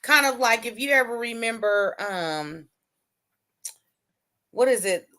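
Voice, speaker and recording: A woman's voice: on the high side, animated, slow, bright, forceful tone. A woman co-hosting a casual TV recap chat, talkative and prone to long explanations. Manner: chatty, explains at length. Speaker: podcast co-host.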